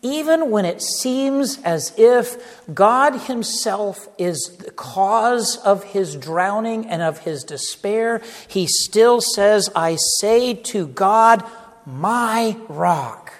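A man with a high voice delivers an earnest sermon at an unhurried pace. He turns dramatic and hushed when he quotes the psalms. His words ring out with long reverb in a church hall. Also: lively intonation. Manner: earnest, dramatic, drops to hushed tones in quotations. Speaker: preacher.

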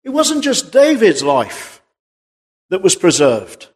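A man's voice: sits high, wildly swooping pitch, breathy edge. A man preaching a sermon, reading scripture aloud and pressing his points with earnest emphasis. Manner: earnest, rising emphasis on key words; reads scripture slowly in a raised voice. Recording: long hall reverb.

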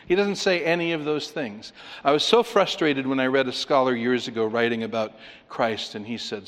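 A man preaching an expository sermon, emphatic, with rhetorical questions and swings between loud and quiet. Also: medium pitch, steady tone, a little fast. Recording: long reverb of a large hall.

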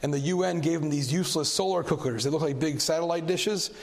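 A man preaching in a church with a fairly high, gravelly voice. He tells his story with animated energy, his voice climbing when excited. The sound rings with a long hall reverb. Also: fast talker. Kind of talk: sermon with storytelling.

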